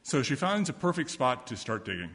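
A man telling a story to children in a service, lively and asking them questions. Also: mid-range voice, fairly quick, creaky, husky. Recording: echoey hall with long reverb.

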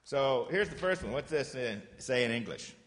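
A man giving a lesson to children in a patient, encouraging way, slowly repeating phrases for them to say back. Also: medium pitch, lively intonation, long reverb tail. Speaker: teacher.

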